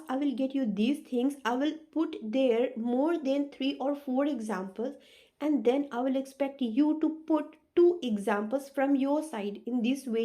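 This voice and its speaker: Woman english tutor, repeats phrases a lot, a bit high, mellow voice. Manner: patient, repeats example phrases. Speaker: English teacher. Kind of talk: demo English lesson.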